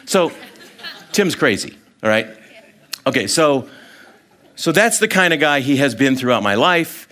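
A middle-aged man giving a sermon as a story, animated and chatty, full of fillers and restarts, acting out the people in it. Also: mid-range voice, a little slow, pauses often, a faint crowd. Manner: animated storyteller, acts out voices, many fillers. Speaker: guest speaker.

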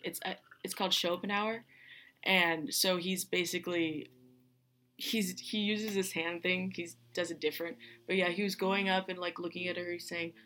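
A woman's voice: lowish voice, level tone, moderate pace, a bit bright. A young woman hosting a podcast, casually recapping a film in a rambling way, full of fillers and restarts. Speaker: podcast host.

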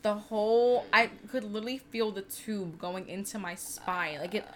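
A woman's voice: mid-range voice, normal speed, fairly bright tone, slight background noise. Candid, profane young woman storyteller. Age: 20s. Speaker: podcast co-host. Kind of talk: casual storytelling chat.

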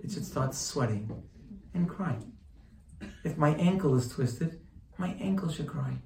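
A rabbi teaches Torah in sermon style, his fairly high voice lively in intonation, a little slow and a little mellow. He quotes Hebrew texts and translates them, poses rhetorical questions and repeats phrases for emphasis. The room is echoey and he sounds far off.

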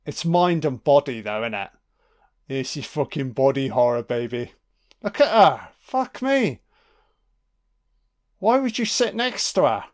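A man giving a casual watch-along film commentary, full of excitable, profane reactions. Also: mid-range voice, normal speed.

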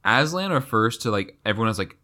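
A man discussing a book in casual conversation, animated and quick to slip into playful character voices. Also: on the low side. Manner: animated, slips into mock voices and dramatic readings.

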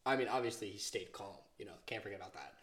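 A man's voice: on the low side, rapid-fire, fairly bright tone. A young man co-hosting a casual podcast chat, blunt and opinionated with a lightly mocking tone. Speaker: podcast co-host.

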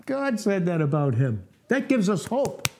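A man's voice: high-pitched, sing-song, measured pace, dark tone, slight background noise. A man in his late sixties giving an informal, earnest sermon to a small fellowship. He talks in a folksy, self-deprecating way and repeats himself. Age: 60s. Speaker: preacher.

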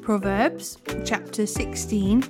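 A woman hosting a daily Bible reading, reading scripture in a measured, unhurried way. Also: mid-range voice, over music.

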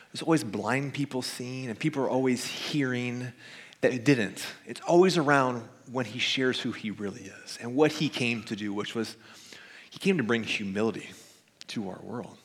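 This male pastor's medium-pitched voice has a breathy edge. His sermon starts conversationally and builds to emphatic preaching, often tagged with "right?", in a reverberant church hall.

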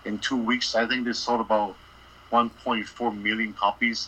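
A man's voice: on the low side, little pitch movement, normal speed, pushed and bright, a little hiss or hum, low-quality recording. A man telling a rambling, profane story in a casual interview, laughing and acting out what people said. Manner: profane, laughing, acts out quotes. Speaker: record label boss, guest.

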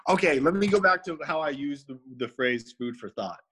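A man's voice: a little high, lively intonation, normal speed, a bit bright, husky, low-quality recording. Rambling, laughing podcast guy. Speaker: podcast co-host. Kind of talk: casual chat.

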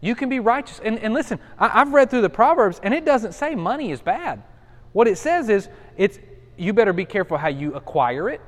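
Man, middle-aged pastor, high-pitched, casual Bible study teaching, repeats for emphasis, long reverb. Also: big pitch swings, brisk. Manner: conversational, repeats himself for emphasis.

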